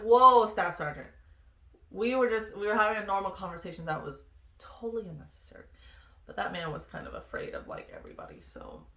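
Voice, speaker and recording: A woman who served as a Marine tells stories in a casual vlog, candid, exasperated and swearing freely. Her mid-range voice sounds pushed and bright, and the room gives it a roomy echo.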